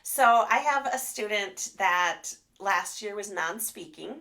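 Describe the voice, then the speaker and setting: Gravelly-voiced woman giving an animated lesson. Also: medium pitch, slow. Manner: animated, demonstrates sounds with expressive voice. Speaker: speech therapist. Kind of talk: live online training talk.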